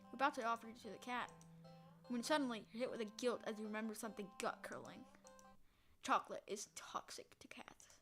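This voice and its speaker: A woman playing a text adventure, reading the story aloud in a hushed voice and breaking into loud, excited reactions. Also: fairly high pitch, quick pace, soft background music. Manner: reads narration quietly, bursts into loud excited reactions. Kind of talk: casual let's-play narration.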